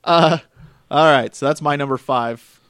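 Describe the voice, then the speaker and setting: A man co-hosting a gaming podcast, chatting casually and telling animated stories with frequent laughter. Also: fairly high pitch, measured pace, clean tone, no echo, clean studio sound. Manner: laughs often, animated storytelling. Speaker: podcast co-host. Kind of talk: casual chat about games.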